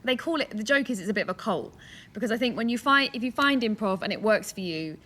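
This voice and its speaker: A woman with a bright, forceful, slightly high voice speaks on a live panel on a theatre stage. She talks in an animated way, jumping in eagerly to explain things. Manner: animated, quick to jump in and explain. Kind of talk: live post-show panel chat.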